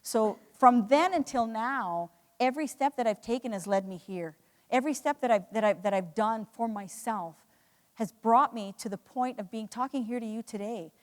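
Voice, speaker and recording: A woman's voice: a little high, normal speed. A woman giving an earnest, emotional motivational talk to a live audience, telling her story with many restarts. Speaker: speaker. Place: hall. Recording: echoey hall.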